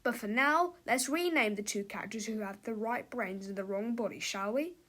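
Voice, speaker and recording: A woman's voice: on the high side, normal speed, fairly bright tone. Playful woman reading a children's book. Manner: playful, talks to the listener. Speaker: storybook reader. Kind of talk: children's read-aloud narration.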